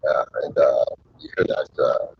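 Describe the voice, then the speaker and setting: A man's voice: rumbling low, flat delivery, unhurried, gravelly, husky, no room sound, dull audio. A man hosting his own show, telling rambling stories casually with lots of fillers and crude humor. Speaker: show host.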